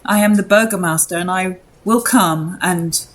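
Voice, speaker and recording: A woman voicing a weary, kindly young man who leads a village, talking in halting, soothing bits. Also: fairly low pitch, natural voice, low-quality recording. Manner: halting, soothing, full of restarts.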